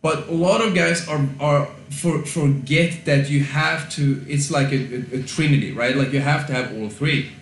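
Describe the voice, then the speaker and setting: A man's voice: a little high, moderate pace, few pauses, slight background noise. A young man with a Swedish accent hosting a casual podcast, joking crudely and rambling with many restarts. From Sweden. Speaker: podcast host. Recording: echoey room.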